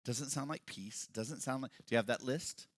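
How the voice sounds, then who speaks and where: A male pastor preaching a sermon, swinging from quiet talk to loud shouted passages. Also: medium pitch, moderate pace, dry recording. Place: church hall with congregation.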